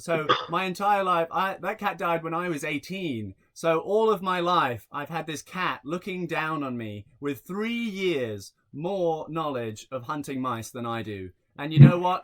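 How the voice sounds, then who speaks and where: A young man from England delivers a rambling, deadpan stand-up routine over a video call, full of ums and pauses. His voice sits a little high for a man. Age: young adult. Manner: deadpan, rambling, frequent fillers. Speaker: stand-up comedian.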